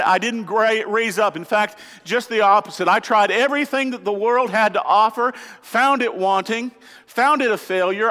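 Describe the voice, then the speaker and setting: A pastor with a high, sharp-toned voice preaches earnestly and emphatically in a church sanctuary, posing rhetorical questions to the congregation. The church hall gives the recording a long reverb.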